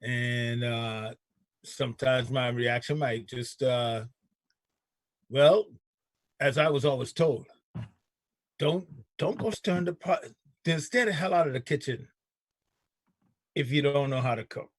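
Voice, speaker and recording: A man's voice: mid-range voice, slow pace, long pauses, no room sound. A man hosting a casual talk show, telling stories bluntly and animatedly with some cussing. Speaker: show host. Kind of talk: casual chat.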